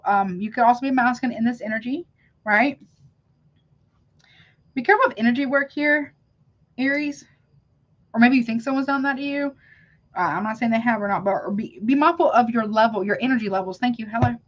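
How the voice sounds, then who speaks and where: Doing a live tarot reading, a woman talks chattily to her viewers, calls them honey, and cuts herself off mid-thought. Her voice is fairly high-pitched, and the audio sounds dull.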